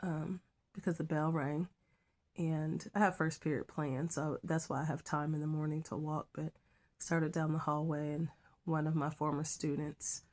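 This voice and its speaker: A middle-aged woman teacher sharing a personal faith testimony in a soft, halting way that drops to a whisper at times. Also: deep voice, level tone. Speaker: schoolteacher.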